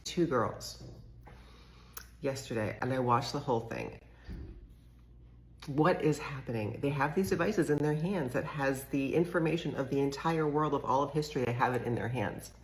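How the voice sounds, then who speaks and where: Man, incredulous commentary, spells words out, mid pitch, roomy echo. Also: normal speed, slight background noise. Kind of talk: casual reaction commentary.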